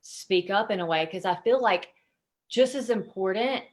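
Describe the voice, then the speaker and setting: A woman's voice: mid-range voice, normal speed. A woman speaking as a podcast guest, telling personal stories candidly, emotional, with plenty of fillers and free swearing. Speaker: podcast guest, intuitive consultant. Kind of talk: candid conversational storytelling.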